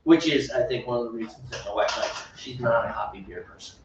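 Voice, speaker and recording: A man's voice: mid-range voice, fast talker, noisy background. A middle-aged man co-hosting a homebrew show, chatting casually and rambling with frequent laughs. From United States. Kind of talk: casual chat. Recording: echoey room, mic far off, dull.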